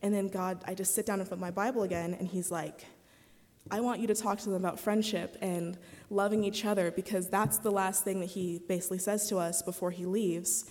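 A woman's voice: mid-range voice, fairly even intonation, a little fast, a little mellow. Chatty eighteen-year-old woman in a chapel. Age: 18, young adult. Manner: chatty, candid, filler-heavy storytelling. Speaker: student chapel speaker. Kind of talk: personal testimony talk. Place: chapel before an audience. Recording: long reverb of a chapel hall.

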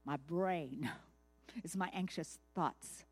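A woman's voice: fairly low pitch, takes it slowly, slightly rough. Conversational woman giving a sermon. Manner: conversational, asks the listeners questions. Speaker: Bible teacher. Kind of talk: devotional sermon.

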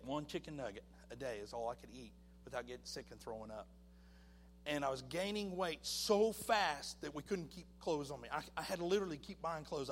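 A man giving a personal testimony at church, telling his story with lively acted-out voices. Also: a little high, big-room sound, slight background noise. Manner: animated storytelling, acting out voices.

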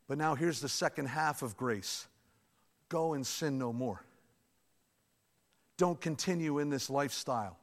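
A man preaching a sermon to his church, in a lively, conversational way with asides to the congregation. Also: a little high, normal speed. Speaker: pastor. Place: church sanctuary. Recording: long reverb of a large hall.

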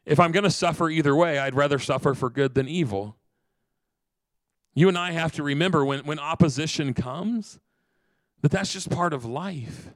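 A man pastor giving an earnest sermon, repeating phrases and slowing down for emphasis. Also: fairly high pitch, dry recording.

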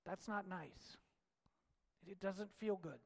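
Impassioned high-voiced male preacher. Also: slow pace, gravelly, long reverb tail. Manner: impassioned, swings from loud shouts to hushed low lines. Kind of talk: sermon.

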